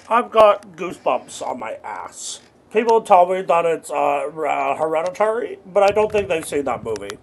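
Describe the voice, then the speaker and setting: A young man giving rambling, absurd deadpan commentary while playing a video game. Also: high-pitched, slight background noise. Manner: rambling deadpan non-sequitur jokes. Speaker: gaming streamer. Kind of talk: absurd comedic gameplay commentary.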